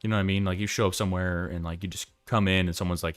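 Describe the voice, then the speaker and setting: Young man, podcast co-host, very low voice, laid-back advice, dry close sound, faint music. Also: fairly even intonation, racing, dry recording. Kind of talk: casual chat.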